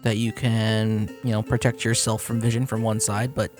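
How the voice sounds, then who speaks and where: A man running a tabletop game as game master, describing scenes in a relaxed way. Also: lowish voice, normal speed, soft background music.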